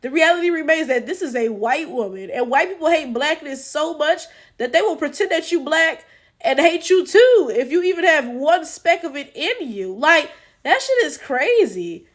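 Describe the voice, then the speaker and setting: A woman's voice: sits high, expressive, moderate pace. A woman giving blunt, profane, incredulous reaction commentary full of rhetorical questions. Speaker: reaction channel host.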